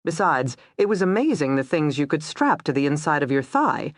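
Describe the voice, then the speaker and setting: A woman narrating a crime thriller audiobook in a measured, even storytelling manner. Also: low-pitched, no echo, clean studio sound.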